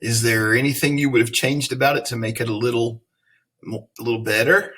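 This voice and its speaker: A man's voice: medium pitch, fairly even intonation, a bit bright, breathy edge. A man teaching an online reading lesson, patiently sounding out words and repeating the patterns. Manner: patient, repeats patterns slowly, thinks aloud.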